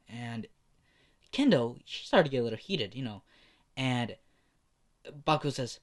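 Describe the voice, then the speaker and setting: A man's voice: mid-range voice, expressive, unhurried, long pauses. A man casually narrating a fan story, rambling with many fillers and the odd curse. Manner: rambling, full of "you know" fillers and swearing.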